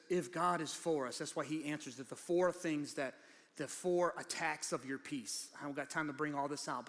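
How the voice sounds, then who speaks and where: A pastor preaching a sermon, talking conversationally and then building to shouted fervor. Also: male voice, fairly high pitch. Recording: long hall reverb.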